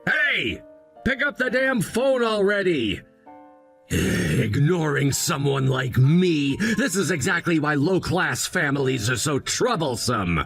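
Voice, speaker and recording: An actor playing an arrogant, snobbish young groom who talks down to everyone with sneering contempt. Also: male voice, very high voice, sing-song, slow pace, pauses often, sharp tone, soft background music, full character voice. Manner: sneering, condescending.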